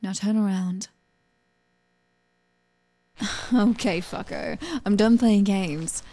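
A woman voicing a sharp-tongued young woman in an adult audio role-play, sarcastic at first, later stammering and pleading. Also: medium pitch, slow. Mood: mocking, defiant.

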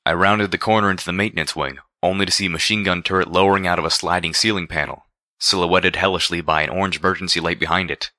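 A man narrating a first-person story with a steady, expressive reading. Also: low-pitched, fast, dry recording, studio quality. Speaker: audiobook narrator.

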